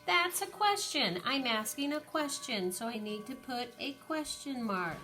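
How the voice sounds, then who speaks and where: A woman teacher slowly and patiently counting aloud through an early-grade lesson for young children. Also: sits high, lively intonation, sharp tone, faint music behind.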